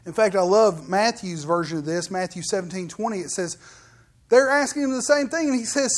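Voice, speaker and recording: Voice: mid-range voice, lively intonation, brisk. A pastor preaching a weekly sermon in an emphatic way, mixing scripture with casual asides to the congregation.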